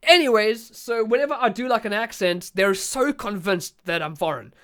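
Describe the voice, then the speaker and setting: A man's voice: high voice, a bit bright. A young South African man hosting a podcast, chatting in a jokey, rambling way. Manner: jokey, rambling, quick to laugh. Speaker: podcast host. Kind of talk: casual interview chat.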